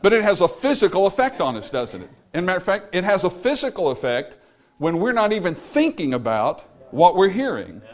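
A man's voice: high voice, big pitch swings, a little fast. A man preaching a sermon, talking straight to his listeners with emphasis, and sometimes singing a short phrase as an example. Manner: emphatic, talks straight to the congregation. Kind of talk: sermon on music.

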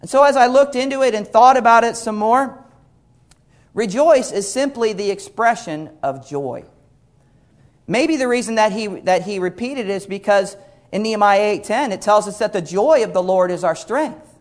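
Middle-aged guy preaching, pretty high voice, earnest, quotes a lot of scripture. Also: moderate pace. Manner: earnest, repeats phrases for emphasis, quotes scripture at length. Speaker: pastor. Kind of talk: sermon.

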